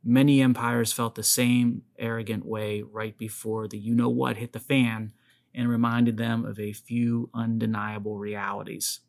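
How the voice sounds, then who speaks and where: A man's voice: medium pitch, little pitch movement, a little slow, creaky. A man hosting his own podcast, giving emphatic commentary and speaking straight to his listeners. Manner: emphatic, addresses listeners directly. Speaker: podcast host.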